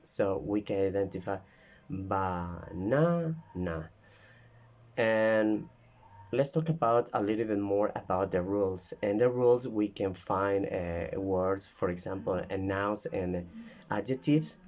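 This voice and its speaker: A man, a teacher explaining how he teaches word stress, pausing often with fillers and restarting his sentences. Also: lowish voice, a little mellow. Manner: halting, with many fillers and restarts. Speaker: English teacher.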